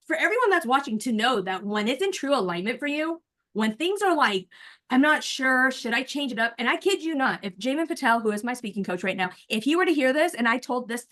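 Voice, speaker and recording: Chatty, animated woman on a call. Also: high voice. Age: 40s. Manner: animated and chatty, speaks straight to listeners. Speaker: nurse coach and speaker. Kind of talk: casual chat, then rehearsing a speech. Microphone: video call.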